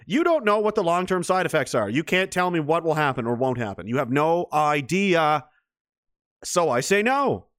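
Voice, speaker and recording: A man's voice: on the high side, fairly bright tone, dry recording, clean studio sound. A man ranting sarcastically and swearing freely, reading and answering his chat in a livestream.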